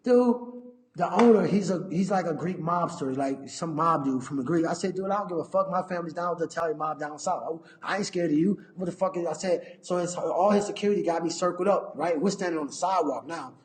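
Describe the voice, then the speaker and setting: A man, a fighter and interview guest, telling stories casually, profane and animated, acting out his own past lines. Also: a little high, quick pace, hardly any pauses. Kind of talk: casual storytelling. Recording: echoey room.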